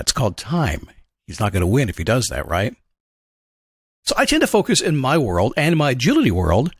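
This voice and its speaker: A man hosting a motivational show, talking in an energetic, conversational way and acting out questions and a dog's thoughts. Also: fairly high pitch, no echo, studio quality. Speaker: motivational coach and podcast host. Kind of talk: upbeat motivational monologue.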